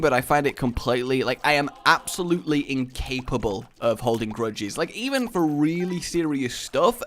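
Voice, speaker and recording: A man's voice: medium pitch, fairly bright tone. A man hosting a gaming video, rambling through jokey, casual commentary while he plays and swearing freely.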